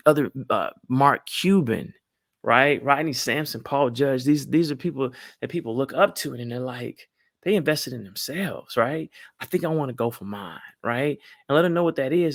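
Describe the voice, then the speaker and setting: A man giving lively marriage advice to a crowd, folksy and animated, often calling out to the audience. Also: medium pitch, vocal fry, dry recording, clean studio sound. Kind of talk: lively talk to a live audience.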